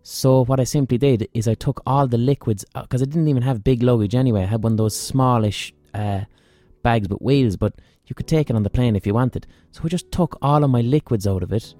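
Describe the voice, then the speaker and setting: Irish male podcast host, mellow dark tone, dry close-mic sound with faint music under it; rambling, sweary, self-mocking storyteller. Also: medium pitch, brisk, hardly any pauses, no room sound. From Ireland. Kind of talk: casual storytelling monologue.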